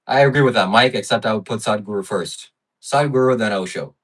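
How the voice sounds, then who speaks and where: A man hosting a casual livestream and reading chat, turning sarcastic and mock-outraged, then softly preachy. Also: fairly low pitch, fairly quick. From Ukraine.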